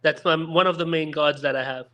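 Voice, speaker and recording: A man's voice: on the high side, steady tone, brisk, a bit bright. A man calling in to a casual chat, speaking earnestly and repeating himself.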